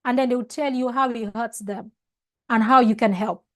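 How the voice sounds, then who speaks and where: A high-voiced woman leads an online customer service training over video call, with fairly even intonation at normal speed. Her delivery is emphatic, full of repeated and restarted phrases, and she frequently pauses to ask "All right?".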